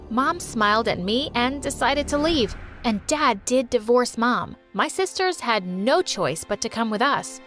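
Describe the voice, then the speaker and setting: Expressive woman narrating a dramatic story. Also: fairly high pitch.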